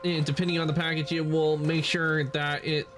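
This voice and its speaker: Male streamer, slightly high voice, loose rambling chat over gameplay. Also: flat delivery, moderate pace, a bit bright, soft background music. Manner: rambling, heavy with "like" fillers.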